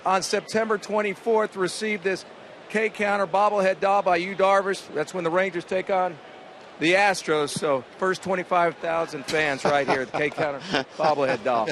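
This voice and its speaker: A male broadcaster giving a quick, chatty promotional read. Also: high voice, fairly even intonation, fairly bright tone, a little hiss or hum.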